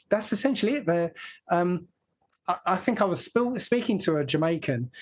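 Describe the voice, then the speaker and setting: Higher-voiced man explaining at length. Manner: explaining at length, laughing now and then. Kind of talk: casual conversation.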